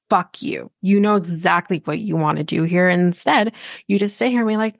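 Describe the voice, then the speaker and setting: A woman hosts a casual podcast chat, recapping with blunt exasperation and plenty of swearing. Her voice sits at a middling pitch, and the recording is dry and close with no room sound. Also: animated, moderate pace, vocal fry, dry recording. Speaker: podcast host.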